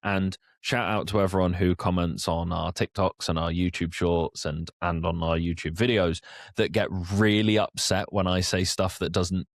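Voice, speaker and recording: A man's voice: sits low, flat delivery, normal speed, no echo, clean studio sound. A man co-hosting a casual podcast, talking in an opinionated, conversational way. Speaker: podcast co-host.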